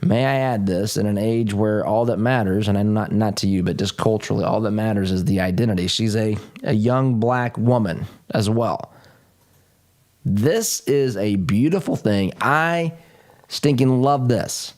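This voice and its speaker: A man's voice: lowish voice, a little slow, a little mellow. A man hosting a political talk show, speaking emphatically and often repeating phrases, with folksy asides to his listeners. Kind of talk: political commentary monologue.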